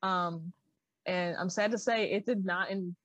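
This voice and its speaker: A woman's voice: fairly low pitch, steady tone, unhurried, a bit bright, no room sound, lo-fi sound. A young woman co-hosting a library podcast, chatting casually about books with lots of fillers and enthusiasm. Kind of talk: casual chat.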